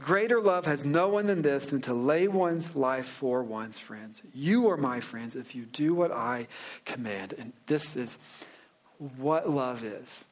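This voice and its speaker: A pastor preaching a sermon in a relaxed, joking way, slowing down to stress key phrases. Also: male voice, mid-range voice. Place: church sanctuary.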